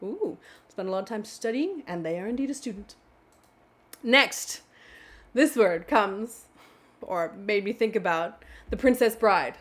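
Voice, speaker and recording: A woman hosting a casual vocabulary video, explaining words in a playful, animated way with little exclamations. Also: mid-range voice, measured pace, pauses often. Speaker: vocabulary channel host.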